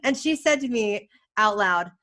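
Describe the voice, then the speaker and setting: A woman from the United States, a photographer guest on a podcast, telling stories in a casual, animated way and acting out what others said. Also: mid-range voice, unhurried. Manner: animated, laughing, acts out quotes.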